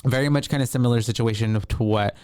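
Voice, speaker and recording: A man co-hosting a podcast, recapping a horror film in a relaxed, rambling way with many fillers. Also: medium pitch, fast talker, smooth, dry recording. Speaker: podcast co-host. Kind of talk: casual film recap chat.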